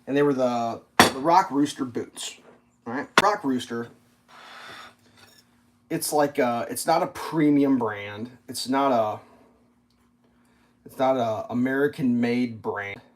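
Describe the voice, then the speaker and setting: A man's voice: mid-range voice, takes it slowly, pauses often. Rambling, foul-mouthed man ranting casually. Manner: rambling and profane, with many fillers. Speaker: channel host. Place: at a breakfast table.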